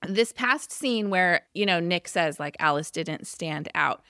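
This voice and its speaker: A woman's voice: lowish voice, lively intonation, measured pace, bright, forceful tone, smooth, no echo, studio quality. A woman co-hosting a podcast, casually recapping a TV episode and acting out the characters' lines. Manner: chatty, acts out quoted lines. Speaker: podcast co-host.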